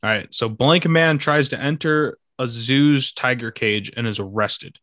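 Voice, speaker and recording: A man's voice: medium pitch, unhurried, a bit bright, dry recording, studio quality. A young man hosting a casual podcast chat, reading news items aloud with lots of fillers. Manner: laid-back, filler-heavy, reads news items aloud. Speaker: podcast host.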